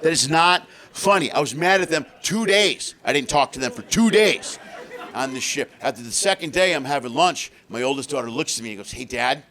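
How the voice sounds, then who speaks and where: A middle-aged man doing a high-energy stand-up comedy set on a theater stage, shouting punchlines and acting out other people. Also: lively intonation, a little fast, a faint crowd. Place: theater stage before a laughing audience.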